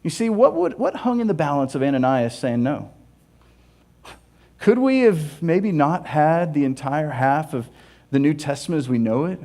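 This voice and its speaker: High-voiced man preaching a lively sermon. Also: moderate pace. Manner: animated, humorous, repeats phrases for emphasis. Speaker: pastor. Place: church sanctuary.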